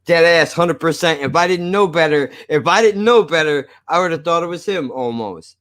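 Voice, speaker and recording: A man's voice: on the high side, moderate pace, a bit bright. Joking, foul-mouthed male streamer. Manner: profane, joking, laughs often. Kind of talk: casual live-stream chat.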